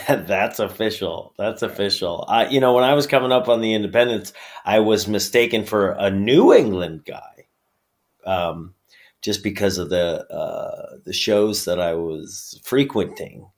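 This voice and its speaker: Low-voiced man with a New York accent, relaxed interview guest who talks in loose, halting bits. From upstate New York. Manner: easygoing, halting phrases. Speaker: guest, pro wrestler. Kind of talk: casual interview chat.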